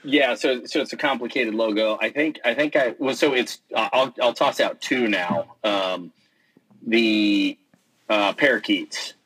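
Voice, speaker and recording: Husky-voiced man telling a story. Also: medium pitch, unhurried, poor audio. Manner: animated storytelling, acts out quotes, many fillers and restarts. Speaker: interview guest, pennant maker and player. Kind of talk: casual storytelling in an interview.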